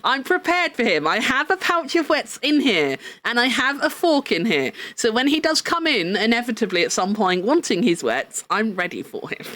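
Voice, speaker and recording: A woman streaming from her desk at home, excitable and quick to swear. Her fairly high voice swings up and down a lot, and the sound is close and dry. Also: no room sound. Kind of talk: casual live-stream chat.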